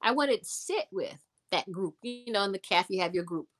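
A young adult woman telling a personal story in a conversation, animated and emphatic, repeating words for effect. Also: mid-range voice, normal speed. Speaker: guest.

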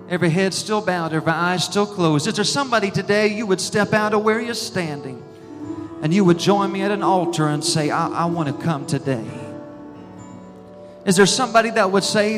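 A man preaching an emotional sermon in a church sanctuary, swinging between hushed and fervent as he leads an altar call. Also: sits high. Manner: emotional, rising and falling intensity, speaks in tongues. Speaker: pastor.

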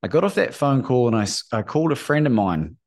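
A middle-aged man, a guest on a podcast, telling a story in a lively way, acting out the people he quotes and often asking "right?". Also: medium pitch, quick pace. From Australia. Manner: acts out quoted voices, often asks "right?". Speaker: guest, courage coach. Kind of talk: animated storytelling in a podcast interview.

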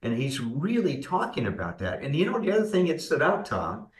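A man speaks in a middle-pitched voice, laying out his thoughts in a reflective podcast discussion and asking "right?" along the way. His voice carries a noticeable roomy echo. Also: huge pitch swings, fairly quick. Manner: thoughtful, explaining ideas with frequent "right?". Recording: roomy echoing room.

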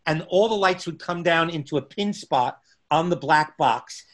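A middle-aged man telling a story in casual conversation, unhurried, pausing often and restarting his phrases. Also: a little high, fairly bright tone. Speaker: guest recounting stand-up comedy memories.

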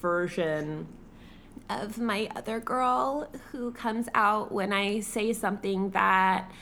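A woman's voice: mid-range voice, slow, fairly bright tone. A young adult woman co-hosting a podcast in casual, rambling, self-mocking chat. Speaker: podcast co-host.

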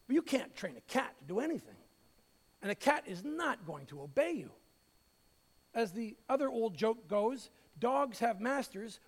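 A man pastor preaching a sermon, telling a story with light humor in an expressive way. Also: extremely high pitch, vocal fry. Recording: hall reverb.

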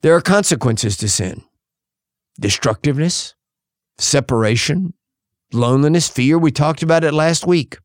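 A man preaching a sermon in an earnest voice, pausing for effect and quoting scripture in old-fashioned wording. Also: fairly high pitch, dry recording, clean studio sound.

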